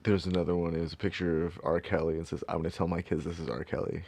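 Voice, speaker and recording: A man with a very deep voice joins a casual conversation. He speaks hesitantly and often circles back to restart his sentences. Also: level tone, quick pace, creaky, a little mellow. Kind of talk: casual chat.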